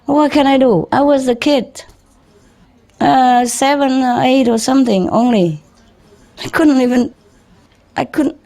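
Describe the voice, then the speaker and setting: A woman whose first language is Vietnamese, a spiritual teacher, tells an audience a personal story in a halting, informal way, often laughing softly. Her voice is on the high side.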